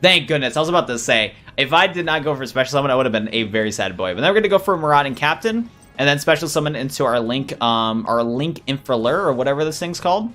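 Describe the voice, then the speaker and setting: A young man giving excited, rambling let's play commentary while he plays. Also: medium pitch, quick pace, few pauses, soft background music. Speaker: gaming YouTuber.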